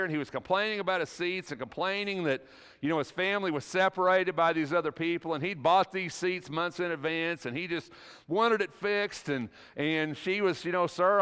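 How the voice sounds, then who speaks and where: A man's voice: on the high side, fairly bright tone, smooth, long reverb tail. Folksy preacher man in a church. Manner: folksy, conversational, many restarts. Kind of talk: sermon with personal story. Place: church sanctuary.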